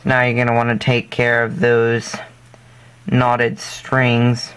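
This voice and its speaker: A man's voice: mid-range voice, completely flat delivery, slow, fairly bright tone, clean tone. A man hosting a casual step-by-step craft tutorial, talking loosely with lots of fillers and self-corrections, and dropping jokey, self-deprecating asides.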